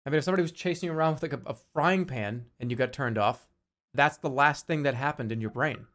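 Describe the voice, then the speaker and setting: A man's voice: mid-range voice, quick pace, a bit bright. A man streaming a video game and giving casual commentary, rambling and joking with a lot of swearing. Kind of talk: casual let's-play commentary.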